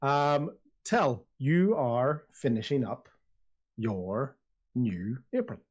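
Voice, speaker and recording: A man's voice: mid-range voice, animated, takes it slowly, a little mellow, slightly rough. Chatty man running a tabletop game. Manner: chatty, rambling with restarts. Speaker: dungeon master. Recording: slightly dull lo-fi audio.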